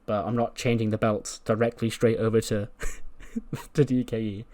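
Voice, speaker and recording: A man's voice: fairly low pitch, little pitch movement, normal speed, a little mellow. Casual rambling male game narrator. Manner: loose, rambling, many "like"s and restarts. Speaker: let's-play creator.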